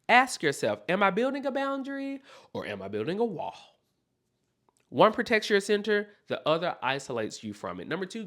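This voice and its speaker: Emphatic motivational podcast host with a very lively, swooping delivery who keeps checking in with listeners. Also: medium pitch. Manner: emphatic, repeats key points, checks in with listeners; loose, conversational delivery with self-corrections.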